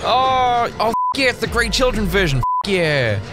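A man in his thirties from Northern Ireland, commentating a horror game stream, excitable, yelling, swearing and putting on joke voices. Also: sits high, moderate pace, loud music behind the voice. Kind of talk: let's-play stream commentary.

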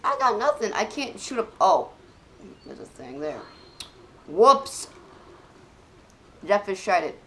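An excitable woman commentating her own gameplay, her pitch leaping up and down as she yelps at near misses and then drops to low mutters. She talks into a desk mic, with a faint hiss of room noise under her voice. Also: a little slow, gravelly, long pauses. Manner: excitable, exclaims often, swings between loud outbursts and quiet mutters. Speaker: gaming channel host. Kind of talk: let's play commentary.

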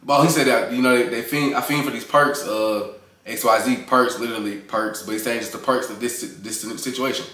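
A man's voice: medium pitch, steady tone, fairly quick, a bit bright, distant mic. Hyped man reacting to music. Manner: hyped, chatty, talks over the track. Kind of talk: casual music reaction commentary. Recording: echoey room with music playing.

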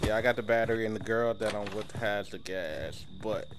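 A man talking live to his teammates while gaming, excitable and panicky, joking and swearing a lot. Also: fairly low pitch, fairly quick, noisy background. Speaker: gamer. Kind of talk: live gameplay chat with teammates. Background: game music.

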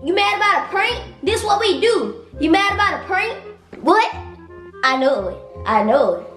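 A woman's voice: very high-pitched, sing-song, normal speed, fairly bright tone. A young woman filming a prank vlog at home, teasing her boyfriend in slangy, repetitive talk. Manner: teasing, repeats herself, slangy. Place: home, indoors. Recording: echoey room with music underneath. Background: background music.

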